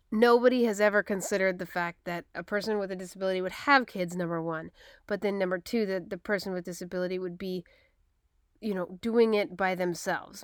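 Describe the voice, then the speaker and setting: A woman's voice: fairly low pitch, smooth, no room sound, clean studio sound. A woman in her thirties, a mother, telling a personal story in a frank, upset way, acting out the dialogue as she retells it.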